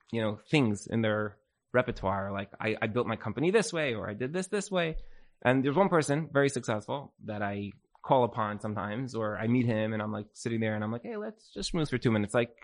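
A male teacher giving an informal class talk. He tells stories in a loose, conversational way and keeps dropping filler words as he goes. His pitch sits in an ordinary middle range. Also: a little fast. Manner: casual and storytelling, with many "like" fillers.

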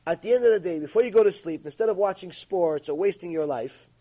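A man's voice: high-pitched, fast, mellow, low-quality recording. A man teaching a religious ethics lecture in an emphatic, scolding way. He acts out the voices he quotes. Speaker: Torah teacher.

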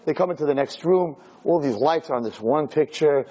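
A man giving a joke-filled lecture, telling stories in an animated way that builds to shouting. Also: medium pitch, fairly quick, hardly any pauses, rough recording. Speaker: Jewish lecturer.

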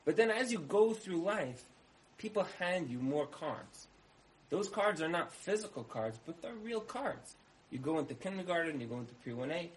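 A man's voice: fairly high pitch, a little hiss or hum, poor audio. A man giving a storytelling sermon, repeating key phrases for emphasis and acting out the dialogue of his story. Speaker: speaker giving a talk.

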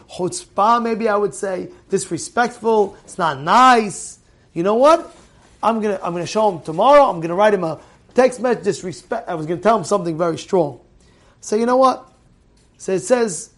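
A man, a rabbi, giving an animated sermon, repeating phrases for emphasis and swinging between loud exclamations and quiet asides. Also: sits high. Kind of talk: animated Torah class sermon.

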